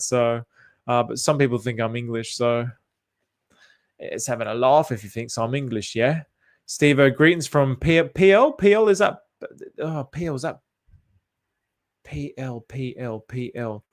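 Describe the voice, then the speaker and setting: A man's voice: medium pitch, animated, moderate pace. An Australian man chatting casually on a livestream, thinking aloud with lots of fillers and restarts as he reacts to viewer comments. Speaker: crypto chart commentator.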